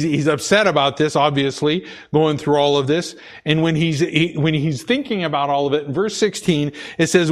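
A man preaching a sermon, repeating key phrases for emphasis and often stumbling and restarting. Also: fairly high pitch. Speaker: pastor.

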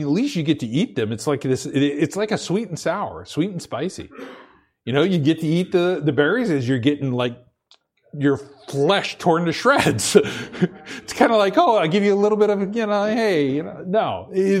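A man's voice: on the high side, very animated, normal speed, breathy edge. A man preaching a sermon in a conversational way, stumbling over repeated words as he builds his points. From Pacific Northwest. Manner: conversational, repeats words when starting sentences, laughs between points. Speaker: pastor.

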